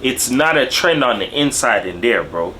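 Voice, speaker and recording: A young man in casual reaction commentary, talking in animated street slang and tagging his lines with "bro" and "dog". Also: mid-range voice, normal speed, slight background noise. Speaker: video commentator.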